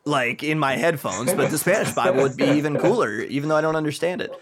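Upbeat pastor hosting a podcast. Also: male voice, a little high, fast talker. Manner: enthusiastic, friendly, with frequent fillers. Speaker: podcast host, pastor and missionary. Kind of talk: casual podcast interview.

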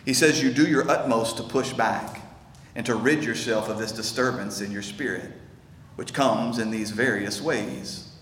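Sounding pastor in an echoey church. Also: male voice, mid-range voice, a bit bright, a little hiss or hum. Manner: earnest, intense preaching with stammered repeats. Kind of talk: sermon. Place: church sanctuary. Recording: echoey hall with faint ambience.

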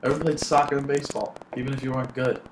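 A man's voice: medium pitch, flat delivery, very fast. A man in his thirties from South Florida, a stand-up comic chatting as a podcast guest, rambling with lots of fillers and restarts. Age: 30s. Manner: rambling, filler-heavy, self-interrupting. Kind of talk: casual conversation. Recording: echoey, noisy amateur podcast audio.

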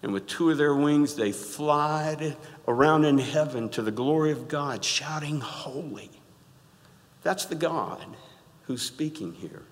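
A middle-aged man preaching a sermon in a church, animated and rising to loud exclaims, often asking the congregation to answer back. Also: on the high side, a little slow. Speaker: pastor. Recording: reverberant church hall.

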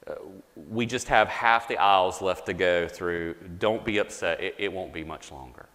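A male pastor voicing a patient young mother who speaks gently to her little daughter, in a sermon story. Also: sits low, moderate pace, long reverb tail, pitched below the performer's own voice.

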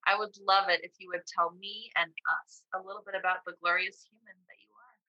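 A woman's voice: medium pitch, flat delivery, a little fast, bright, forceful tone, lo-fi sound. A woman co-hosting a podcast, speaking in a bubbly, enthusiastic way. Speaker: podcast co-host. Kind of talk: casual podcast chat.

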